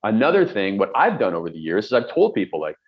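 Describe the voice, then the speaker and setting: This productivity coach, a middle-aged man, talks to the camera with blunt emphasis and examples from daily life. He has a lowish voice that swings hugely in pitch, moves at a quick pace, and sounds muffled.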